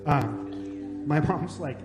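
A man's voice: fairly high pitch, drawn-out words, loud music behind the voice. Casting: young male pastor, joking storyteller, big church reverb. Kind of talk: sermon. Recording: echoey hall, long reverb.

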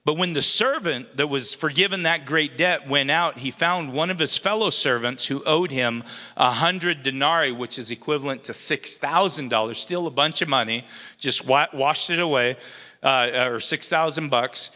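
A man preaching in a church sanctuary, his voice bright and a little high for a man. He retells scripture in loose, conversational words. A long reverb from the big hall trails behind him. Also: moderate pace. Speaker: pastor. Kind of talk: sermon.

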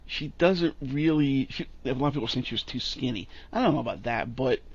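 A man's voice: medium pitch, a little fast, breathy edge. A man co-hosting a podcast, ranting bluntly and sarcastically and swearing freely. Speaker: podcast co-host. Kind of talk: casual opinionated chat. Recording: dull lo-fi audio.

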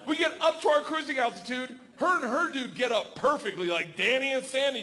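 A man in his forties doing stand-up storytelling on a live stage, loud and profane, building to shouts. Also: extremely high pitch, normal speed, few pauses. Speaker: stand-up comedian. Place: comedy stage before a crowd. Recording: live stage with audience noise.

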